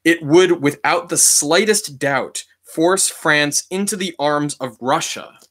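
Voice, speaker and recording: A man reading a history book aloud in a measured, deliberate way, leaning on key words for emphasis. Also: fairly high pitch, fairly bright tone, husky.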